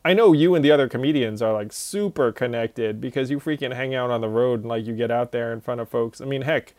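A man hosting a casual interview, chatting in a relaxed way and laughing along with his guest. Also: medium pitch, fast talker, dry recording. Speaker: interview host.

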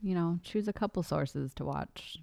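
A woman, co-hosting a casual podcast and chiming in with quick reactions. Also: on the low side, gravelly, mellow, no echo, clean studio sound. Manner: chatty, quick to laugh and chime in. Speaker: podcast co-host. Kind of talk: casual chat.

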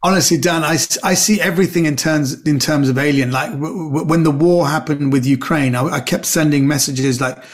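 A man's voice: a little high, a little fast, hardly any pauses. A middle-aged man, a comedian guest on a podcast, chatting casually and telling rambling stories, acting out the quotes.

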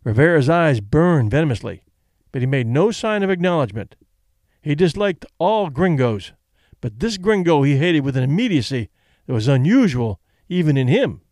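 A man reads a story aloud and shifts into voices for each character. His voice sits fairly high and moves through wide, lively rises and falls. The recording is dry and close. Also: moderate pace, dry recording. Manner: expressive, doing voices for the characters.

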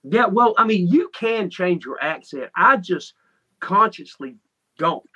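A man with a thick Southern drawl speaks in a bright, fairly high voice. He talks plainly and proudly as a guest on a chat show, from North Carolina and not hiding it. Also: lively intonation, unhurried, slightly rough, muffled recording. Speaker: guest musician. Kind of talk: casual interview chat.

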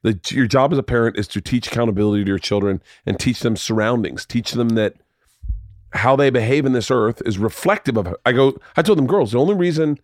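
A man's voice: mid-range voice, brisk, dry recording. A man hosting a podcast, telling long rambling stories in casual chat and swearing freely. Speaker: podcast host.

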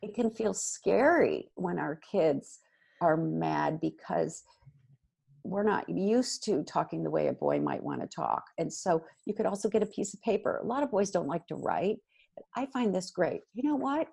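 A middle-aged woman, a guest expert, giving parenting advice in an energetic, emphatic conversational way. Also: fairly low pitch, gravelly, slightly rough. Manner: energetic, emphatic, quick bursts of repetition.

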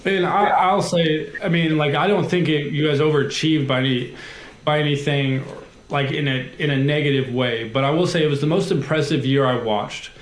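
A man's voice: a little high, steady tone, normal speed. A man co-hosting a casual interview, talking like an enthusiastic fan. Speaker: podcast co-host. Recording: echoey room, faint noise.

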